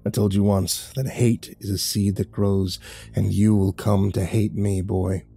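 A man voicing a stern, aging male priest mentor with a gravelly voice, low and commanding. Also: flat delivery, measured pace, mellow, soft background music, full character voice. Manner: stern, commanding, dry chuckle.

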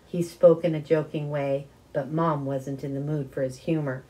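A woman reading a children's novel aloud with expressive first-person narration. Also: sits low, normal speed, low-quality recording. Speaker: audiobook reader. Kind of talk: storybook reading.

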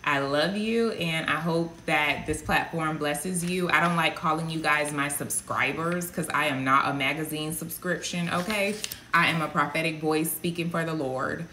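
Woman preacher, low sharp tone, chatty and rambling, echoey room. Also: steady tone, normal speed, slight background noise. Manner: chatty, digressive, talks straight to viewers. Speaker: prophetic minister. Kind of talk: casual sermon to online followers.

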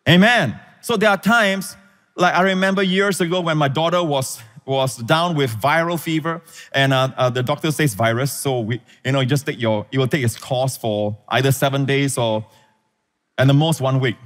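A middle-aged male pastor preaching a sermon to a congregation, calling for amens and rising to shouted emphasis. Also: mid-range voice, steady tone, moderate pace. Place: church auditorium. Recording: large hall reverb.

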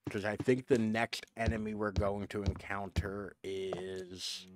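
A man with a fairly low voice gives loose, rambling commentary while he plays, often correcting himself mid-sentence. Game music plays clearly underneath him. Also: big pitch swings, unhurried. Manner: rambling, self-correcting, chatty. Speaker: streamer. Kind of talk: casual gameplay commentary. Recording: game music playing behind.

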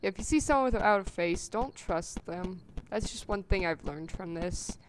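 A woman giving chatty let's-play commentary on a survival game, gasping at finds and breaking into squeaky sing-song calls. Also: expressive, moderate pace, slight background noise. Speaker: gameplay commentator.

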